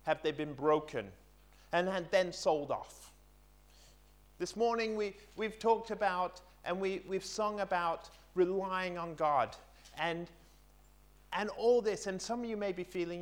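A middle-aged man preaching a conversational sermon, pausing on fillers and reading scripture aloud. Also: high-pitched.

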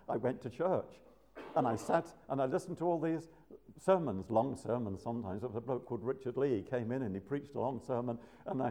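A man's voice: mid-range voice, sing-song, a little fast, warm tone. An older man preaching a sermon, asking rhetorical questions.

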